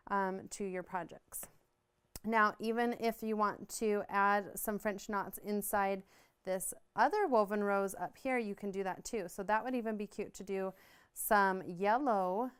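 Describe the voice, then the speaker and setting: A woman's voice: medium pitch, clear, resonant tone. A woman explaining embroidery stitches step by step in a friendly hands-on craft tutorial. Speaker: embroidery instructor.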